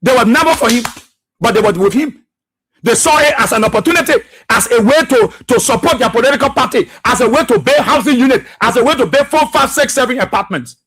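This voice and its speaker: Husky high-voiced radio host. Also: male voice, expressive, fast talker, a bit bright. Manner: preachy, impassioned, repeats phrases for emphasis. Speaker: radio talk show host. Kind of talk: political commentary.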